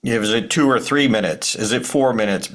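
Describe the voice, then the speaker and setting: A man's voice: mid-range voice, normal speed, a bit bright. A man with a mid-range voice co-hosts a casual podcast. He asks his guest questions and adds his own practical tips in a friendly way. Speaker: podcast co-host.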